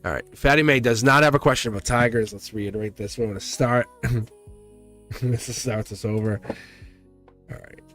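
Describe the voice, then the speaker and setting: A male tarot reader on a live stream, talking at an ordinary middle pitch for a man. He rambles cheerfully, laughs often and speaks straight to his viewers. Faint music plays behind him. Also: steady tone, normal speed, pauses often, a bit bright.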